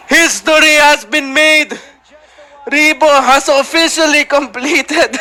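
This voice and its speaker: A man with a Filipino accent doing excited, shouting play-by-play commentary on an esports match. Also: extremely high pitch, low-quality recording. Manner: shouting and hyped at the climax. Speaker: esports caster.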